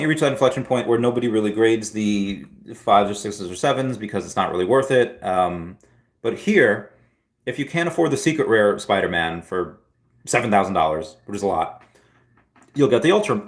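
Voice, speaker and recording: Man, lowish voice, casual livestream host, rambling, repeats words. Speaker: livestream host answering chat.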